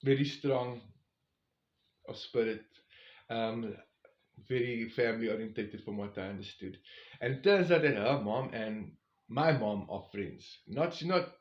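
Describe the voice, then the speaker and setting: A man's voice: medium pitch, unhurried, long pauses. Chatty man telling a story. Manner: chatty, rambling with many fillers and asides. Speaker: vlogger on a long-distance walk. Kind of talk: casual storytime recap. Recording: roomy, slightly dull recording.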